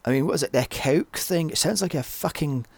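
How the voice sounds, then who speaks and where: A man's voice: fairly high pitch, brisk, vocal fry, no room sound. A man giving a blunt, sweary, ranting film review. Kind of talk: casual solo review.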